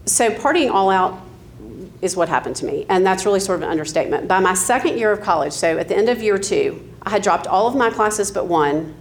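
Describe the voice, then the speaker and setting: A woman's voice: medium pitch, animated, brisk, slight background noise. A woman in her fifties from the American South, telling her life story with candid asides, ums and light laughs. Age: 50s. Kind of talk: personal testimony.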